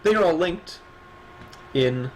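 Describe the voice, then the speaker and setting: A man's voice: a little high, expressive, slow pace, slight background noise, low-quality recording. A man co-hosting a livestreamed awards show, chatting casually with sarcastic jokes and casual swearing. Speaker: stream co-host. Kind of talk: casual stream chat.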